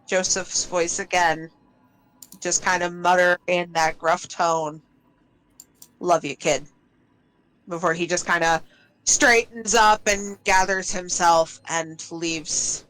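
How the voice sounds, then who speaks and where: A woman narrating as game master of a tabletop role-playing game, telling the scene softly and unhurriedly with small fillers. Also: lowish voice, a little hiss or hum, rough recording. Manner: soft, unhurried storytelling with fillers.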